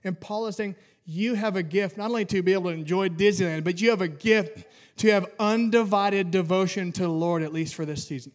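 High-voiced male pastor telling funny stories. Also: fairly quick. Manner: humorous storytelling with acted-out family dialogue. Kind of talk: sermon.

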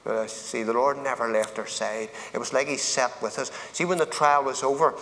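A man's voice: mid-range voice, steady tone, normal speed, fairly bright tone. Northern Irish man preaching in a reverberant hall. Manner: earnest, plain-spoken, building to fervent appeals. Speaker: speaker giving a personal testimony. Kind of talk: evangelistic testimony at a men's event. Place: event hall.

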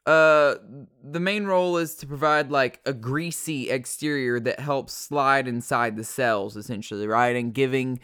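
A man's voice: medium pitch, fairly even intonation, unhurried, a bit bright, smooth. A man ranting casually in a rambling, profane and sarcastic way, full of fillers. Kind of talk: casual unscripted rant.

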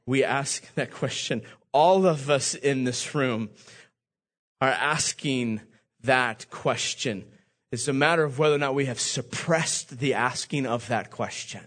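A man's voice: medium pitch, slow pace, pauses often. A man preaching a sermon as pastor, speaking earnestly and directly to his congregation, often repeating words.

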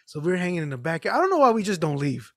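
A man's voice: sits high, big pitch swings, racing, fairly bright tone, dry recording, clean studio sound. A middle-aged man telling stories in a casual, profane podcast chat, laid-back and acting out the people he quotes. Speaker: podcast co-host.

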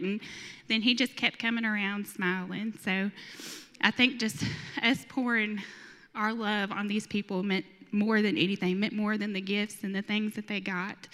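A woman's voice: medium pitch, bright, forceful tone, long reverb tail. A woman earnestly telling a congregation about her mission trip, getting emotional at times. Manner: emotional, earnest storytelling with laughs. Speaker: church mission volunteer. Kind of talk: personal testimony to a congregation.

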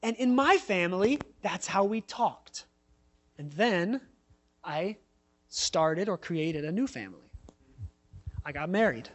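A man's voice: high voice, lively intonation, slow pace, pauses often, a bit bright. A man in his thirties preaching a sermon in a conversational way, telling personal stories with frequent asides. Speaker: pastor.

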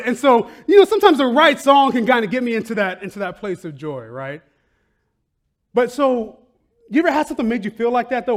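A man pastor preaching a sermon in a conversational, animated way, laughing often and tossing in "right?" and "like". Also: sits high. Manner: animated, bursts into loud excited outcries, laughs often.

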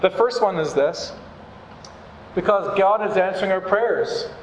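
A man with a fairly high voice preaches to his church in an earnest, conversational way. His voice rings through a large hall with a long, lingering reverb. Faint room ambience sits underneath. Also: expressive, measured pace, slight background noise. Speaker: pastor. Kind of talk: sermon.

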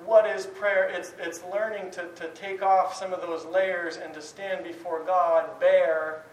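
A man's voice: sits high, level tone, a little slow. A man giving a conversational sermon, talking candidly in a rambling way with many restarts. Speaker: speaker giving a talk on prayer. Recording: roomy, distant, faint noise.

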